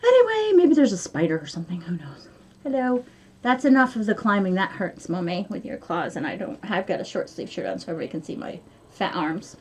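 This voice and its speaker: A woman's voice: medium pitch, sing-song, brisk, a little mellow, a little hiss or hum. Rambling chatty woman vlogging at home. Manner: rambling, chatty, with many fillers. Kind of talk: casual chat to camera.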